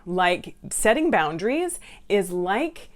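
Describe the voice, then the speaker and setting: A woman's voice: mid-range voice, sing-song, takes it slowly. A woman counsellor giving advice to viewers in a direct, conversational way. She asks them questions and acts out lines they might hear. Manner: acts out what family members say.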